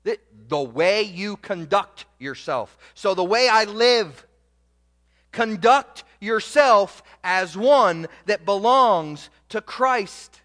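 A man with a high voice delivers a sermon as pastor. He swings from loud, emphatic proclaiming down to quiet, low asides. His voice rings with the long reverb of a church hall. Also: animated, takes it slowly.

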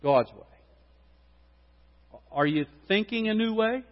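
High voiced pastor preaching, goes loud then drops to quiet jokes, long hall reverb. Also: male voice, lively intonation, takes it slowly, lo-fi sound. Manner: swings between loud preaching and quiet joking asides. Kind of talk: sermon. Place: church sanctuary.

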